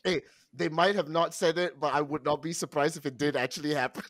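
A man's voice: fairly high pitch, steady tone, brisk, a bit bright, no room sound, studio quality. A man in casual chat, telling stories, swearing casually and laughing often.

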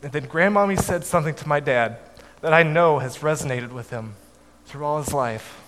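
Male storyteller, measured delivery, soft trailing endings, long hall reverb, faint noise. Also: fairly high pitch. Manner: measured, dropping softly at line ends. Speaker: speaker telling a family story. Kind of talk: storytelling talk to an audience.

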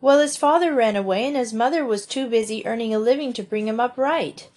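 A woman's voice: on the high side, brisk, darkish tone, voice pushed up, close to an everyday voice. A woman voicing a prim young farm girl who scolds the others in a reproachful, proper way.

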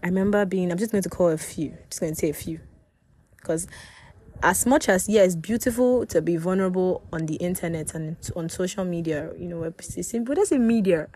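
Her lowish, dark voice moves at a fairly quick pace. As the solo host of her own casual podcast, the young woman drifts from point to point, revises what she says and laughs frequently.

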